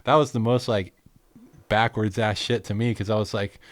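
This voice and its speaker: A man's voice: fairly low pitch, fairly even intonation, moderate pace, no echo. A man as a guest in a casual chat, explaining things easily with plenty of fillers. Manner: easygoing, explaining with lots of fillers. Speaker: glassblower guest.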